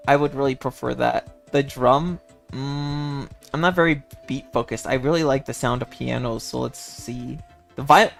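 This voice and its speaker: A man's voice: fairly high pitch, vocal fry. A young man streaming a casual chat as a playful, giggly, self-deprecating cat-boy persona.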